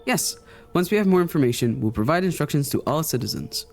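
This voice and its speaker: Brief: man doing a quick, official game agent, soft music behind. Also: on the high side, expressive, gravelly. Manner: brisk, reassuring, official. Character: brisk official male government agent.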